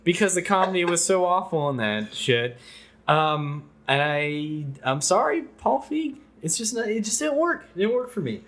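A man's voice: high-pitched, animated, normal speed, fairly bright tone. A man co-hosting a casual podcast, giving a blunt, profane, ranting movie review. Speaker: podcast co-host.

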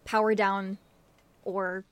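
A woman's voice: medium pitch, flat delivery, slow, clean tone. A woman playing a tabletop role-playing game, stammering and hesitating as she decides her character's moves. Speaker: player. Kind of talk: casual tabletop play.

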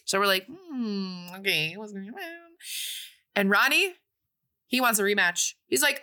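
A woman casually retelling a film's plot on a podcast, animated and breezy. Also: medium pitch, measured pace. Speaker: podcast co-host recapping a film. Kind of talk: casual recap chat.

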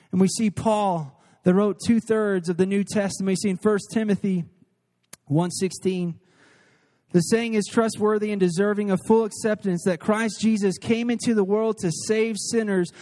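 A man from Missouri preaching a sermon, telling a comic personal story and acting out the voices in it. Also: sits high. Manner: animated storytelling, acts out voices.

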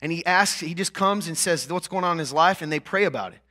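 A man preaching a sermon as a pastor, talking conversationally and often checking in with "right?" and "okay?", then building to emphatic, louder peaks. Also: a little high, fast talker.

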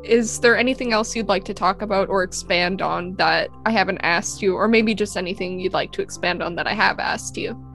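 A woman interviewing a guest, asking questions in a measured, polite way. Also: mid-range voice, creaky, fairly bright tone, soft background music.

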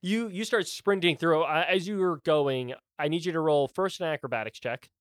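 A man's voice: fairly high pitch, moderate pace, dry recording, studio quality. A young man narrating as game master of a tabletop game, loose and often laughing.

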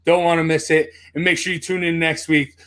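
A man's voice: on the high side, little pitch movement, fairly quick, a bit bright. A man hosting a casual podcast, asking questions in a friendly way with many fillers. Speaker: podcast host.

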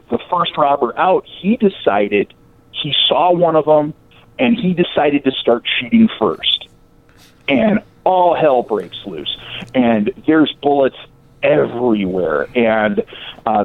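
Animated man telling a local story. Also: on the high side, slow pace, vocal fry. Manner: animated, acts out quoted voices. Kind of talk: casual storytelling of local history. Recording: tinny phone-like sound.

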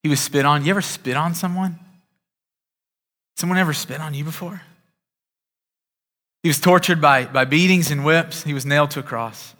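A man's voice: on the high side, normal speed, pauses often, fairly bright tone. A male pastor preaching a sermon in a conversational way, often restarting his sentences. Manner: conversational, with frequent repeated starts. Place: church sanctuary. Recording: long reverb of a large hall.

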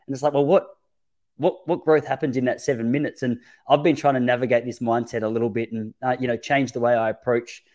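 Relaxed podcast host. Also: male voice, medium pitch, quick pace, few pauses. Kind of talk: casual conversational chat.

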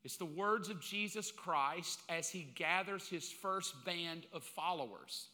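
A male pastor preaching a sermon in a blunt, animated way, acting out bits of dialogue as he goes. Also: high-pitched, measured pace. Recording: long reverb of a large hall.

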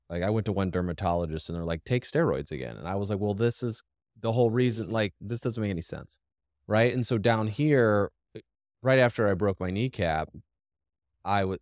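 A man's voice: deep voice, a little mellow, no echo, clean studio sound. A man co-hosting a podcast, talking casually and directly, rambling with frequent restarts. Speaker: podcast co-host. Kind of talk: casual conversation.

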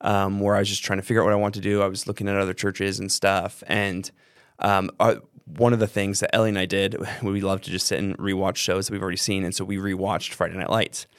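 A young man with a lowish voice talks through a story on his podcast, loose and rambling, full of "like" and "you know." The sound is dry and close, with no room around it. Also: flat delivery, fast, smooth, no room sound. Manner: rambling, filler-heavy, with many restarts and "like"s. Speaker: podcast host. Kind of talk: casual storytelling monologue.

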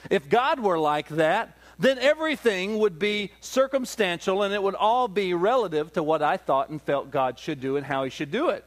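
A man with a high voice preaches from the pulpit. He drives his points home by repeating himself. He keeps turning to his listeners with questions. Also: animated, moderate pace, few pauses. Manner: emphatic, repetitive preaching with rhetorical questions. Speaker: pastor. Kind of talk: sermon.

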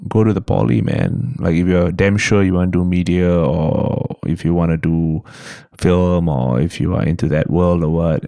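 A man, a stand-up comedian chatting casually on a podcast, telling animated stories and swearing freely. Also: low voice, moderate pace, creaky, hardly any pauses, no room sound. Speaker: guest host, stand-up comedian.

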